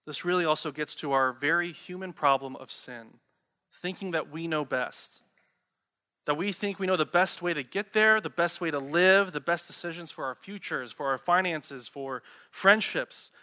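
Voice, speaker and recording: A man's voice: a little high, moderate pace, pushed and bright. A young man preaching a sermon, talking conversationally and asking the listeners rhetorical questions. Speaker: pastor.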